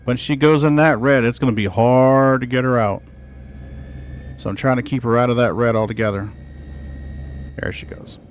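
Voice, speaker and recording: A man's voice: mid-range voice, steady tone, fairly quick, a little hiss or hum. A man streaming a space game, chatting casually as he plays and talks to his cats. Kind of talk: casual gameplay commentary.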